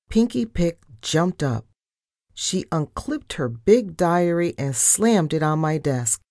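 A woman reading a children's chapter book aloud in an expressive, unhurried storytelling manner. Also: deep voice, dry recording, clean studio sound. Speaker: storybook reader.

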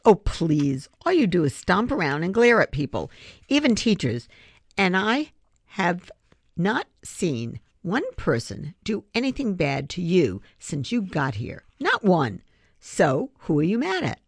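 A confident, sharp-tongued schoolgirl, as a woman reading aloud puts her on. She talks with sass and lively swings of pitch. The sound is close and dry. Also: a little slow, gravelly, no echo, full character voice. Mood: sassy. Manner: sassy, confident. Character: bold, sharp-tongued schoolgirl who likes the last word.

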